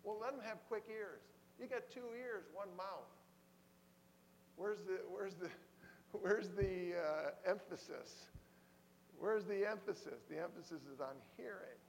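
High-voiced preacher in a reverberant hall. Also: male voice, a little slow, vocal fry, slight background noise. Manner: animated storytelling with put-on voices and laughs. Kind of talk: sermon.

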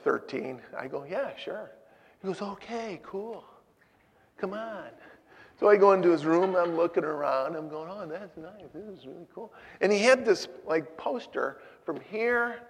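A man preaching a sermon, telling stories and moving from loud urging to hushed asides. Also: high-pitched, gravelly, dull audio. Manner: storytelling, swinging from loud exhortation to hushed asides. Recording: hall with long reverb.

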